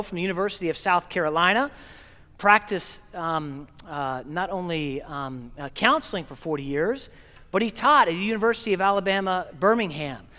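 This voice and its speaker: A priest from Oklahoma giving an earnest, gently paced funeral sermon in a large church. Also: male voice, high-pitched. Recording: long reverb of a church hall.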